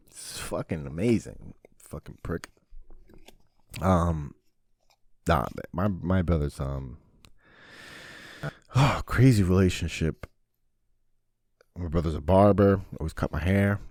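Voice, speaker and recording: Low-voiced profane New man. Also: darkish tone, no echo, clean studio sound. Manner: rambling, profane storytelling with mocking asides. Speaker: podcast host. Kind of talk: solo podcast monologue.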